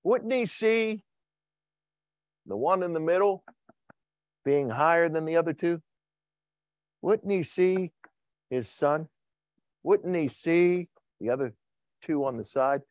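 A man preaching a Wednesday night sermon who acts out voices and shouts for effect. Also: on the high side, lively intonation, takes it slowly, long pauses, no echo. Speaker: pastor.

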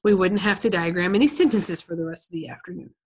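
A woman reading a novel aloud, voicing a stern, dry middle-aged teacher who speaks in a measured, firm and calm way. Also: fairly low pitch, slightly rough.

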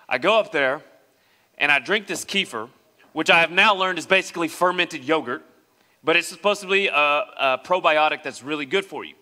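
A young man from West Tennessee, preaching as a pastor and telling a personal story in an animated way, acting out the voices of the people in it. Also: fairly high pitch, fairly quick. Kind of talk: sermon storytelling. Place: church sanctuary. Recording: long reverb of a church hall.

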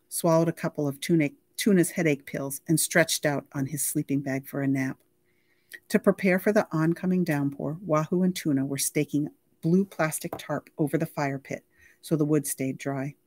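A library reader reading a novel aloud with lively, expressive storytelling. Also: medium pitch, moderate pace, dry recording, studio quality.

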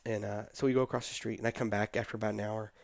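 A middle-aged man telling a personal story in casual conversation, animated and quoting the people in it. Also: fairly low pitch, rapid-fire, vocal fry, no echo. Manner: animated, quotes people in his story, laughs between. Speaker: guest telling his story.

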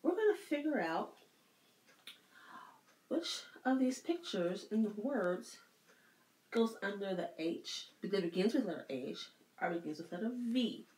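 A woman's voice: medium pitch, animated, unhurried, darkish tone. A woman leading a circle time lesson for young children, asking patient questions. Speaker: preschool teacher. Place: church classroom. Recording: echoey room, faint music.

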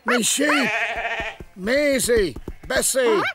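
A man's voice: extremely high pitch, drawn-out words, exaggerated voice. An actor voicing a worried older male sheep farmer in a children's cartoon. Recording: loud background music.

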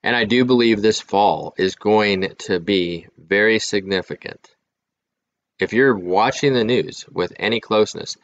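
A man's voice: on the low side, dull audio. A man hosting his own channel, thinking aloud in casual commentary with frequent restarts. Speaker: channel host.

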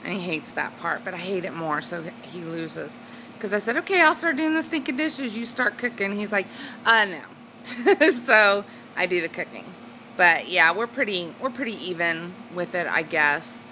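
A woman's voice: lowish voice, animated, normal speed, bright, forceful tone, slight background noise, poor audio. A woman, chatting casually in her home vlog, bubbly and giggly. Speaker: weight-loss vlogger. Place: at home indoors, then on a swing.

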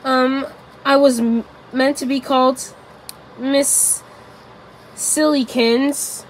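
A woman voicing a worried little lady in a storybook tale, speaking softly and hesitantly with many ums. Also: high-pitched, steady tone, slow, a little hiss or hum, low-quality recording.

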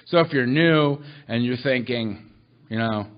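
A man's voice: mid-range voice, measured pace, slight background noise. A man speaking at a recovery meeting, telling humorous stories about himself and acting out the people in them. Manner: self-mocking, animated, acts out quotes. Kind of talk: humorous storytelling talk. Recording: muffled lo-fi recording.

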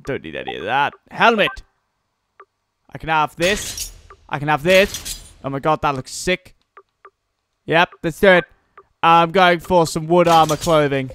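Man, high bright voice, lively swings, let's-play commentary, game music under. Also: unhurried, pauses often, slight background noise. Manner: goofy, shouting in fights, swearing. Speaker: gameplay commentator.

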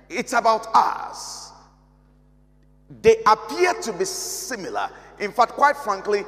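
High, lively-voiced pastor preaching slowly. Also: male voice. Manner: measured, emphatic preaching with repeated phrases. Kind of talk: sermon. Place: large church hall. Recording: long reverb of a church hall.

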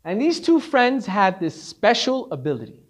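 Brief: a male rabbi in a class, telling a story casually, with a lively, expressive pitch. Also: normal speed. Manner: conversational, animated storytelling.

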